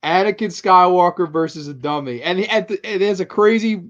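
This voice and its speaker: A man hosting a casual horror podcast, animated and swearing freely as he riffs. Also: high voice, a little fast. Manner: animated, swears, does goofy impressions. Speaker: podcast host. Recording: dull lo-fi audio.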